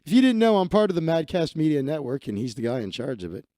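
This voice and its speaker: A man's voice: fairly high pitch, very animated, fast talker, dark tone, no echo. Profane, rambling man at a close mic. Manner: rambling, profane and offhand, laughing at his own asides. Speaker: livestream host. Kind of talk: casual livestream chat, reading his feed aloud.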